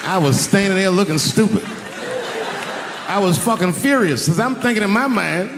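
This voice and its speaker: Animated stand-up comedian in an arena. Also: male voice, on the high side, normal speed. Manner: animated, profane, acts out voices. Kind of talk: stand-up storytelling. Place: large arena stage. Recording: live arena recording with long reverb and crowd noise.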